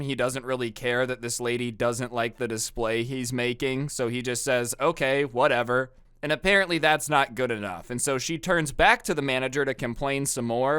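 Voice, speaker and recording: Smooth-voiced young man telling a story. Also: mid-range voice, pushed and bright, no echo, clean studio sound. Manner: conversational with sarcastic asides. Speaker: storytime YouTuber. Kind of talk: casual storytime narration.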